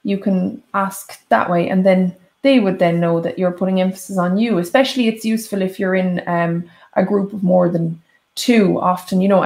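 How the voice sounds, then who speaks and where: A woman's voice: lowish voice, creaky, darkish tone. Woman teaching in an echoey room. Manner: patient step-by-step explaining with examples. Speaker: co-host and Irish language teacher. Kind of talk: casual live-stream Q&A.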